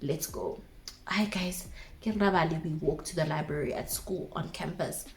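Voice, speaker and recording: A woman's voice: low voice, normal speed, slight background noise. A young woman in her twenties with a South African accent, casually telling a dramatic personal story to her viewers with asides. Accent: South African English.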